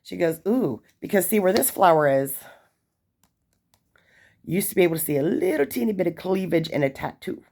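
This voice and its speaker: A woman's voice: lowish voice, animated, brisk, long pauses, dark tone. A woman in her forties telling a story in a chatty, casual way, with lots of fillers and asides. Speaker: vlogger sharing prison experiences.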